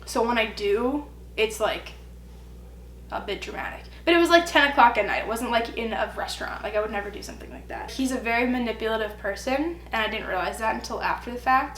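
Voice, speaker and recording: A young woman with a fairly high voice tells a personal story to her camera, bringing the quoted lines to life. Her voice carries an echoey room sound with a faint hum behind it. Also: a bit bright. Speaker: vlogger. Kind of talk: storytime vlog.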